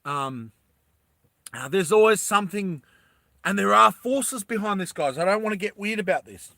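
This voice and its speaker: Guy chatting to his stream, bright punchy voice, dead dry mic, rambles and laughs a lot. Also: high voice, lively intonation, moderate pace, gravelly, no room sound. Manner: rambling, laughs often, talks to viewers as guys. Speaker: livestreamer. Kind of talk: casual livestream chat.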